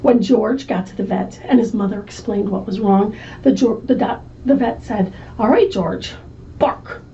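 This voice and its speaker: A woman librarian reading a picture book at a children's storytime, slow and expressive, asking the children questions, on a distant, muffled mic. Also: mid-range voice, a little hiss or hum. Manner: animated, slow and expressive, asks the kids questions.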